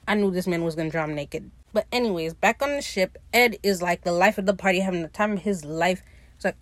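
A woman talks through a TV episode in a loose, chatty recap, swearing as she goes and slipping into brief quoted voices for the characters. Her voice sits at an ordinary middle pitch. The sound is dry and close, with no room echo. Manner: chatty, profane, acts out characters' lines in quick quotes. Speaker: podcast host.

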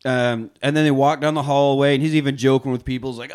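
A man co-hosting a podcast, retelling a film scene with lively, profane energy and acted-out quotes. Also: medium pitch, fast, hardly any pauses, smooth. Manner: animated storyteller, heavy swearing, acts out quotes. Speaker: podcast co-host. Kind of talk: casual film-review chat.

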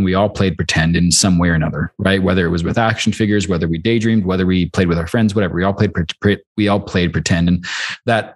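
Low-voiced guy musing earnestly on a podcast, lots of likes and you knows. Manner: earnest, reflective, many fillers. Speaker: podcast co-host. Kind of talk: casual chat.

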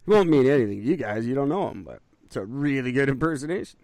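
A man's voice: medium pitch, creaky, a little mellow, dry recording. A man co-hosting a casual podcast chat, rambling and self-mocking. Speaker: podcast co-host.

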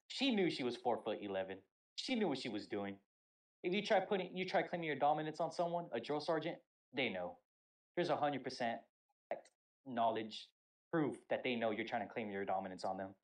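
A man's voice: mid-range voice, moderate pace, rough recording. A young man on a podcast telling an army story in casual chat, profane and full of acted-out quotes. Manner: animated, profane, acts out quotes. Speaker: podcast co-host.

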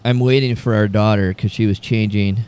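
A man's voice: fairly low pitch, fairly even intonation, brisk, a little mellow, clear, resonant tone. A man casually telling a rambling, profane anecdote to his co-hosts, acting out the other people's voices. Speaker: podcast co-host. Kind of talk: casual storytelling chat.

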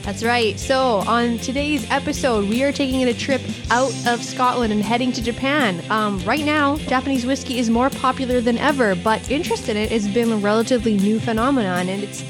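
A Canadian woman co-hosting a podcast, chatty and quick to laugh, often trailing off and restarting. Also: fairly high pitch, over music. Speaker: podcast co-host. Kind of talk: casual chat. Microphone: remote call microphone.

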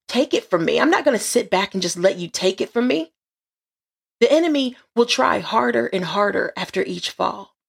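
A woman's voice: mid-range voice, gravelly, husky. A woman hosting a faith podcast, giving an earnest, encouraging talk and often repeating phrases. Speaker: podcast host.

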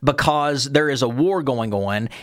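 A man's voice: medium pitch, unhurried, a bit bright, no room sound, studio quality. A man hosting a casual chat, enthusiastically retelling a moment from wrestling history and quoting the lines. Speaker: podcast host.

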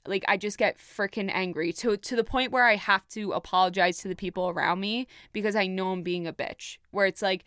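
A woman's voice: medium pitch, a little fast, hardly any pauses, a bit bright, clean tone, no echo, studio quality. A young woman hosting a podcast, telling a personal story in a frank, emotional way with casual swearing. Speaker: podcast host.

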